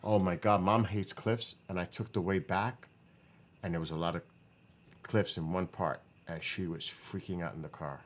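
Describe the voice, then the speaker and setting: Worn out new dude chatting to his stream from his living room, lowish voice, keeps correcting himself. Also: steady tone, normal speed. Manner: rambling, self-correcting, talks to chat. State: tired, voice wearing out. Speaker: livestream host chatting with viewers. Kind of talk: casual livestream chat.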